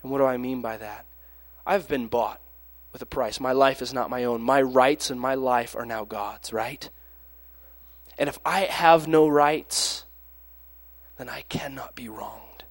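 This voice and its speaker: A man's voice: mid-range voice, unhurried, no room sound. A man preaching a sermon, reading scripture aloud and explaining it, sometimes dropping to a near whisper.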